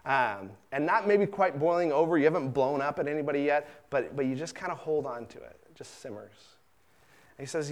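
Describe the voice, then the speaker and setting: A middle-aged man preaching a sermon in a relaxed, conversational way, often repeating words and acting out the lines he quotes. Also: a little high, fairly quick. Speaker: pastor.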